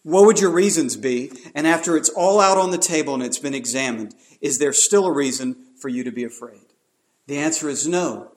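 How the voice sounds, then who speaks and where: A man's voice: on the high side, brisk. A man preaching a sermon, emphatic and pressing his listeners with repeated rhetorical questions.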